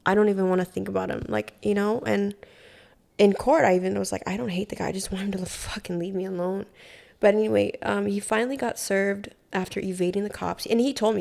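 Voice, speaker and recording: A young woman talks in a casual, animated way as a podcast guest. She swears freely and acts out the voices of people in her story. Her voice has a gravelly, fry-tinged edge at a middle pitch. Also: brisk. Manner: animated retelling, heavy swearing, acts out quotes. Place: Hawaii.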